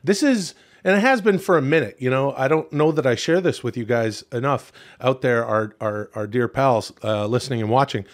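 A male podcast co-host from Canada talks in a casual chat. He is animated and profane and keeps restarting his sentences, with a pitch in the middle of the male range. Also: normal speed, hardly any pauses.

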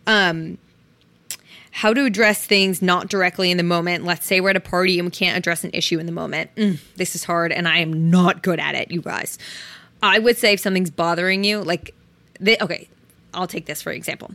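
Candid young woman podcaster, low voice. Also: brisk, sharp tone, no room sound. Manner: frank and self-reflective, swears casually. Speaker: podcast host. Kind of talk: solo podcast, candid personal talk.

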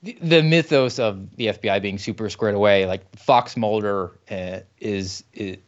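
A man's voice: fairly low pitch, normal speed, lo-fi sound. A man talking as a podcast guest, telling stories in a wry, skeptical way. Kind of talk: casual podcast talk.

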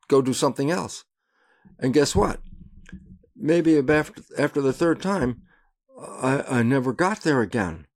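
Gravelly older man telling stories. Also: mid-range voice, normal speed. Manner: animated storyteller who acts out voices and laughs at his own anecdotes. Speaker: guest. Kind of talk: casual interview storytelling.

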